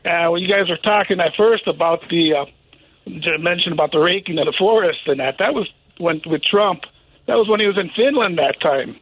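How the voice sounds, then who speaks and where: A man's voice: high-pitched, a little fast, slightly rough. A man calling in to a radio show, rambling with lots of fillers and a defensive edge. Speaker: caller. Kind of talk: phone call-in chat. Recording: tinny phone line with faint noise.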